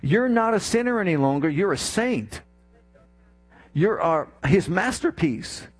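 A male preacher delivering a passionate sermon, swinging from soft, intimate passages to rising exclamations and calling on the congregation to respond. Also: high voice, animated, unhurried, soft background music.

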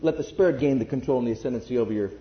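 A man preaching a sermon, emphatic, jumping between loud bursts and quiet asides. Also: medium pitch, very fast. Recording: echoey room, dull lo-fi sound.

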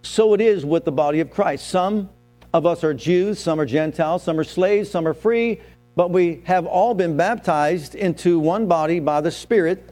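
A pastor preaching a sermon in a mellow, fairly high voice, a man who tells his own story and keeps asking his listeners questions. Faint instrumental music sits behind him.

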